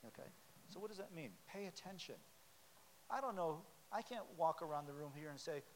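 High-voiced pastor preaching in a reverberant hall. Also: male voice, fairly quick. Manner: conversational preaching, quizzing the congregation. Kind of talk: sermon. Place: church sanctuary. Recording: long hall reverb with faint hiss.

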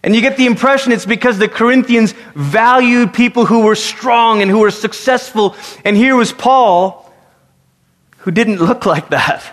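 A man preaching a sermon in a conversational, animated way, with casual asides to the congregation. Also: very high-pitched, normal speed. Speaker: pastor. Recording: long hall reverb.

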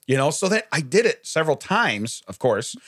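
A man co-hosting a podcast in casual chat, an animated storyteller who acts out quoted voices and laughs often. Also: on the high side, moderate pace, slightly rough, no echo, studio quality. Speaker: podcast co-host.

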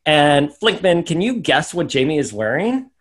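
On a podcast, a co-host with a voice on the high side recaps a comic book issue casually at a moderate pace. He's an animated storyteller who acts out the characters' lines as he goes.

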